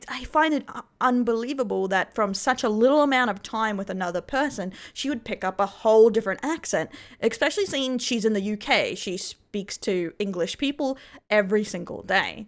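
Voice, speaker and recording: An Australian woman talks through streamer drama as a commentator. She sounds doubtful and picks at details. Her voice sits at a middling pitch. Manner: skeptical, critical. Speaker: vtuber news commentator. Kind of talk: commentary over clips.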